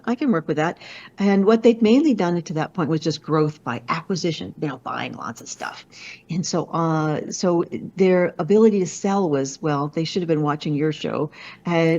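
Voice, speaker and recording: Low-voiced woman consultant over a call. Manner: animated, self-deprecating storyteller with quick asides. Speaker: business consultant and speaker. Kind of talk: conversational storytelling interview. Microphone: video call. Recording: dull lo-fi video call audio.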